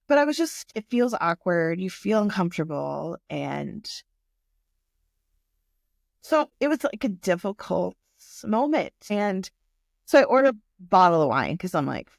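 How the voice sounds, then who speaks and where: A woman's voice: on the low side, animated, unhurried, vocal fry, no echo, studio quality. A woman in her forties telling a personal story in a candid, emotional way and swearing freely. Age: 40s. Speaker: vlogger.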